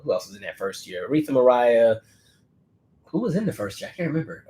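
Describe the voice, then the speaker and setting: A man in his thirties, slightly hoarse, hosting a casual livestream chat and reading out viewer comments in a conversational way with many fillers. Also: a little high, expressive, a little fast, fairly bright tone.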